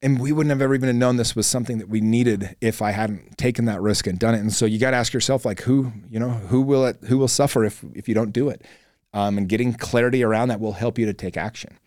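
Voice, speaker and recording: A man's voice: mid-range voice, fast, a little mellow, no echo, clean studio sound. A man hosting a podcast, giving an earnest motivational talk in a coaching tone, with frequent fillers and restarts. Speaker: podcast host. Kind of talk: motivational monologue.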